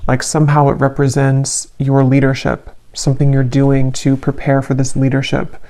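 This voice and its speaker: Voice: medium pitch, completely flat delivery, moderate pace, mellow. A tarot reader giving an intuitive reading straight to the listener, searching for words with fillers and restarts while offering reassurance. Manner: reassuring, addressing listeners directly.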